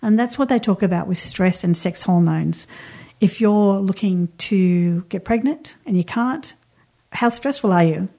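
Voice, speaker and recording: A woman talks through health and astrology advice in an earnest, direct way, as if to a listener at home. Her voice is mellow and soft-edged, pitched in the middle. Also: measured pace. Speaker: astrology and wellbeing guest. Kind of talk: casual advice chat.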